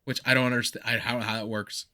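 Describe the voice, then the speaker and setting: A man co-hosting a podcast, recapping a movie in animated, rambling casual chat with frequent laughs. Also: mid-range voice, a little fast. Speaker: podcast co-host.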